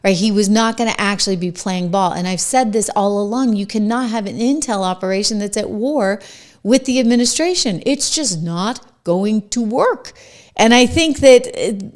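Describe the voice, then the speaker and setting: A middle-aged woman host with a New Hampshire accent, giving emphatic, conversational political commentary to camera with quick asides. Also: mid-range voice, darkish tone.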